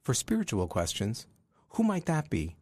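A man's voice: mid-range voice, wildly swooping pitch, moderate pace, darkish tone, no room sound. A man hosting a podcast, telling a personal story in an earnest, reflective way. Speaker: podcast host. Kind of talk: storytelling monologue.

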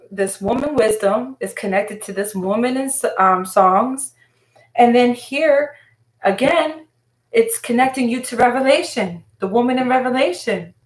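A woman leading a Bible study, reading scripture aloud and explaining it in an earnest, emotional way that often turns to her listeners directly. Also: fairly high pitch. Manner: emotional, earnest, addresses listeners as "you guys". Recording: echoey room.

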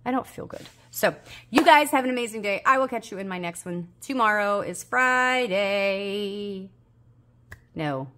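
A woman's voice: medium pitch, expressive, unhurried, fairly bright tone. A woman, a budgeting vlogger chatting casually to viewers, coaxing and scolding her dice, a little unwell and tired. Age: 30s. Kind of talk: casual chat to viewers while rolling dice.

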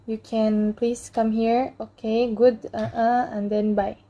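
A woman narrates her mobile gameplay in a relaxed, unhurried way, teasing and threatening the on-screen characters. Her voice sits a little high and has a mellow, soft tone. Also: dull audio. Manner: playful, talks to game characters, mock threats. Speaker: gameplay channel host. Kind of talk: casual mobile game commentary.

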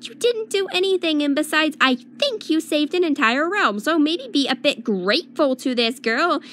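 A woman voicing a brash, sharp-tongued young warrior woman who teases and taunts. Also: high-pitched, animated, normal speed, a little hiss or hum, voice pushed up. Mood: taunting.

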